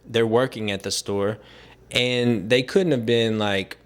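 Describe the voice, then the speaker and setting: A man's voice: medium pitch, steady tone, slow, clean tone. A young man ranting casually to camera, exasperated and sarcastic, with filler-heavy talk. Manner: exasperated, sarcastic, mimics people he quotes. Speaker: vlogger.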